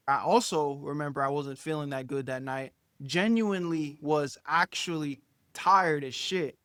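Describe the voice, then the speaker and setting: A young man tells a personal story to the camera in a loose, profane, animated way. He acts out quotes and swings from quiet asides to loud bursts. His voice sits a little high, and the sound is dry and close. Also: no room sound. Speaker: storytime YouTuber. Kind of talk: casual storytime monologue.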